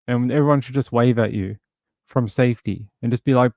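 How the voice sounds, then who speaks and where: Brief: male live stream host, conversational, reads chat, dry close mic, mid pitch. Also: brisk, dark tone, dry recording. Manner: chatty, reads viewer comments aloud.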